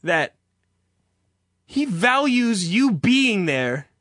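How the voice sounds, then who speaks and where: A man's voice: high voice, very animated, drawn-out words, fairly bright tone, no room sound, studio quality. A man delivering an exasperated, profane comic rant, swearing heavily as he goes.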